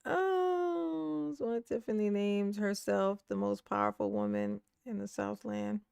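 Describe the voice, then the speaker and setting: A woman's voice: mid-range voice, expressive, measured pace, creaky, darkish tone, clean tone, no echo, studio quality. A woman hosting casual online commentary, chatty and slangy, laughing often and talking back to what she watches.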